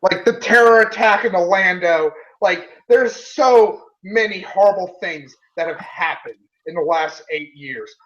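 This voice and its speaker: A man's voice: high voice, unhurried, hardly any pauses, fairly bright tone, muffled recording. A man in casual chat, ranting angrily and swearing, with candy in his mouth. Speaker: guest.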